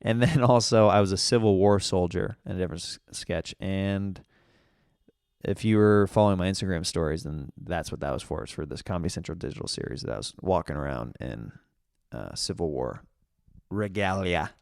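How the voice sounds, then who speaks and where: Excitable young male podcast host. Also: low voice, moderate pace, creaky, smooth, dry recording, clean studio sound. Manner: excitable, chatty, laughs often. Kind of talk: casual solo podcast chat.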